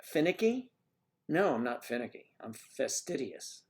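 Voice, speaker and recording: A man's voice: mid-range voice, expressive, measured pace. Older guy on a livestream, wry and chatty, pokes fun at himself. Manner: chatty, wry, self-mocking. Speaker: livestream host. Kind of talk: casual chat with live viewers. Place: home in Florida.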